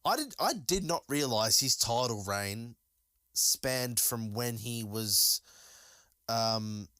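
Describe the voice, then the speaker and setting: A man's voice: medium pitch, animated, takes it slowly, bright, forceful tone, clear, resonant tone, no echo. A man hosting a solo podcast, talking casually and enthusiastically, rambling with many fillers and restarts. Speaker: podcast host.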